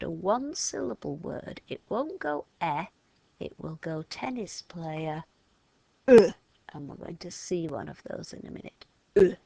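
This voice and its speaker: Slow, patient woman teaching phonics. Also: fairly low pitch, vocal fry, no echo. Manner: slow, patient, modelling sounds aloud and stretching words. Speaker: French teacher. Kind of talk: step-by-step phonics lesson for children.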